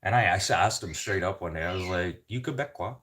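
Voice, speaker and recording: A man's voice: sits low, steady tone, quick pace, a bit bright. A man from the Canadian prairies chatting casually in a rambling, joking way, swearing constantly. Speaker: vlogger.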